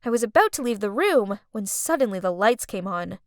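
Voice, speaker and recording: A woman narrating an animated story in the first person, expressive and dramatic. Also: mid-range voice, fairly quick, hardly any pauses, dry recording, studio quality.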